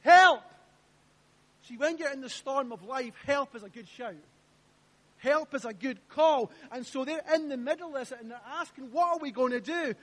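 A man's voice: very high-pitched, normal speed. A man preaching a sermon in church, emphatic and repeating his phrases while asking the congregation questions. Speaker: pastor.

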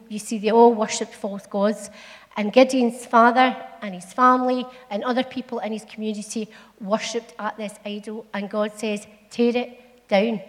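A middle-aged woman with a Scottish accent, telling a Bible story to a church in a homely, playful, chatty way. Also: mid-range voice. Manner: homely, chatty and playful, with local turns of phrase. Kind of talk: storytelling sermon. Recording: long echo of a large hall.

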